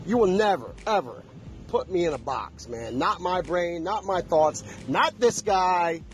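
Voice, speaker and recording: A man's voice: sits high, expressive, measured pace, a little hiss or hum. A man talking straight to his viewers in a casual, emphatic monologue, repeating himself and throwing questions at the audience. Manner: emphatic, repetitive, preachy, asks the audience questions. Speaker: vlogger.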